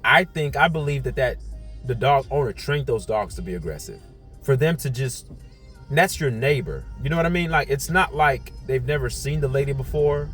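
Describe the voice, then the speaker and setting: A man's voice: mid-range voice, expressive, normal speed, a bit bright, soft background music. A man giving a blunt, heated opinion monologue, speaking casually and swearing as he talks. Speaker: commentator.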